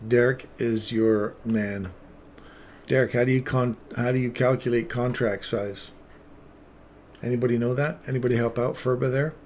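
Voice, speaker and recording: A man's voice: mid-range voice, steady tone, normal speed, darkish tone, slight background noise. A man hosting a live trading stream, rambling between chatty asides and market commentary with playful remarks to viewers.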